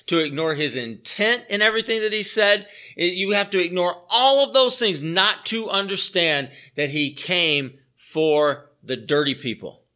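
A man's voice: on the high side, sharp tone. A man preaching a conversational sermon as a pastor, earnest, repeating phrases for emphasis and putting rhetorical questions to his listeners.

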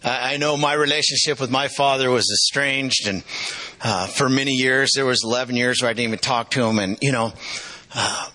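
Male pastor, middle-aged, bright tone, husky, emotional storytelling sermon. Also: medium pitch, poor audio. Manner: emotional storytelling, repetitive emphasis.

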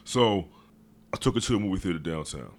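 A man's voice: deep voice, animated, brisk. A man hosting a podcast who tells a story in a laid-back, slangy way during a casual chat. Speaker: podcast host.

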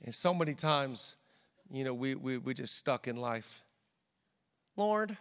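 A male pastor preaching a sermon in a church, energetic and emphatic, rallying the congregation. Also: mid-range voice, moderate pace, smooth, long reverb tail.

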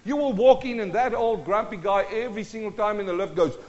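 In a dull church hall with lengthy reverb, a man preaches as pastor, pressing his audience with rhetorical questions and singing a line from a hymn. He speaks a little fast, in a high-pitched voice.

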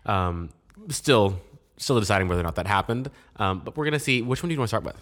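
Rambling young man, low voice. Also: fast talker, fairly bright tone. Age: young adult. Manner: rambling, filler-heavy, jokey. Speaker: podcast co-host. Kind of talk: casual chat.

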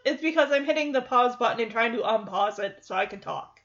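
A woman's voice: a little high, steady tone, fast talker, fairly bright tone, highs cut off. A woman casually recapping a sitcom episode, chatty with wry asides. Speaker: show recap host.

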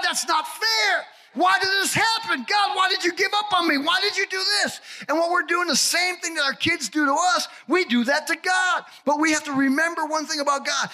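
A man preaching as a pastor, delivering a sermon with shouted emphasis and swings between high cries and low asides.

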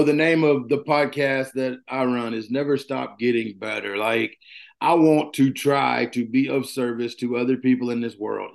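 A man's voice: mid-range voice, gravelly, a little mellow. A man hosting a podcast, asking questions in a casual, rambling way. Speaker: podcast host. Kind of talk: interview questions.

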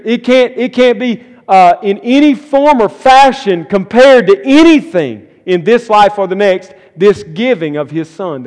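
A man preaching a sermon, reading scripture and then building emphasis as he explains it. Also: high-pitched. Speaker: pastor. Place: church sanctuary. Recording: long church hall reverb.

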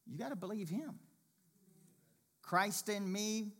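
A man preaching a sermon as pastor, swinging from impassioned loud passages to hushed, quiet ones. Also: fairly high pitch, normal speed.

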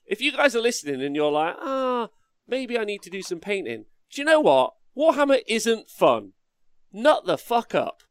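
A man's voice: sits high, big pitch swings, normal speed, clear, resonant tone, dry recording, clean studio sound. A man co-hosting a casual hobby podcast, ranting brashly with lots of swearing. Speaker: podcast co-host.

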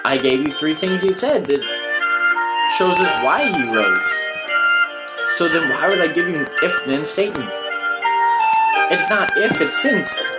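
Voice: medium pitch, very animated, measured pace, long pauses, over loud music, poor audio. A preacher giving an emphatic, repetitive sermon in a casual, slangy way.

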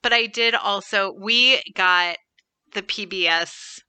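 A woman's voice: medium pitch, slow pace, bright, forceful tone, clear, resonant tone, no room sound. A woman co-hosting a podcast, chatting casually with lots of "like" fillers. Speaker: podcast co-host. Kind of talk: casual chat.

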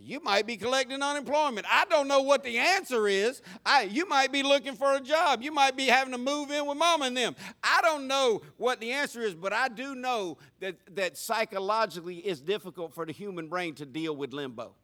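Male preacher, high bright voice, folksy joking delivery, lots of restarts. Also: brisk, hardly any pauses. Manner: folksy and humorous, with many stammered restarts. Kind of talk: sermon.

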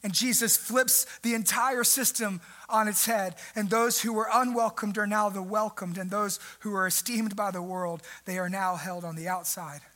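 High, bright-voiced young male preacher. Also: normal speed, few pauses. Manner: animated preaching, jumps pitch and volume for emphasis, mimics people. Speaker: pastor. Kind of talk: sermon.

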